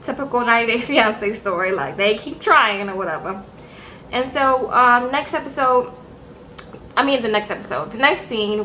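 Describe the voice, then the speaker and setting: A young woman recapping reality TV episodes in a sassy, animated vlog chat, acting out people's lines. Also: on the high side, slight background noise, rough recording. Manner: sassy, animated, acts out quotes in put-on voices.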